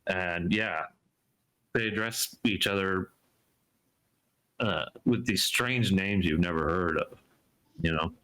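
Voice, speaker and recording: Slow, low-voiced man running the game. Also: sharp tone, poor audio. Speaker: game master. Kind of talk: narrating a tabletop game.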